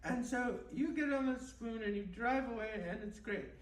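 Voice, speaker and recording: A woman leading an absurd, deadpan guided meditation and chatting with the host at a live bookstore event. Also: on the high side, normal speed. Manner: deadpan absurdist, rambling with fillers. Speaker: guest performer. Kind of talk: comic improvised guided meditation and chat. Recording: roomy and distant, faint background noise.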